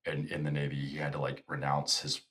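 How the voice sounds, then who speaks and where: Very deep-voiced man telling stories. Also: brisk. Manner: animated storyteller, acts out quotes. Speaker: guest. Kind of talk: casual storytelling.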